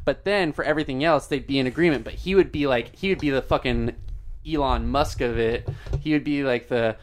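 A man in casual chat, swearing a lot, joking and slipping into quick voice impressions. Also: a little high.

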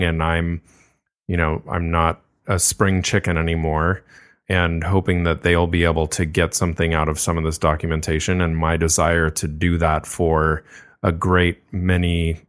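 A middle-aged man hosting a podcast interview, speaking earnestly and thanking his guest in a measured way. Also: low-pitched, a bit bright, clear, resonant tone. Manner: earnest, slow and measured, short listener backchannels. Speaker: podcast host.

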